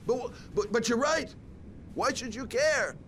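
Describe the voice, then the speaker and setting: A man's voice: very high-pitched, lively intonation, unhurried, a bit bright, slight background noise, heavily acted. A man voicing a weary, persistent male private detective in a video game, talking in terse, clipped lines. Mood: pleading. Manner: terse, clipped inner thoughts. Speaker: game character.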